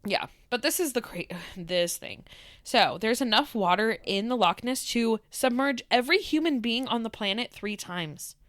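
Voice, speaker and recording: A woman co-hosting a podcast in casual chat, bubbly and quick to laugh as she tells stories. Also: fairly high pitch, no room sound, clean studio sound. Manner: bubbly, laughs often, animated storytelling. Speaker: podcast co-host.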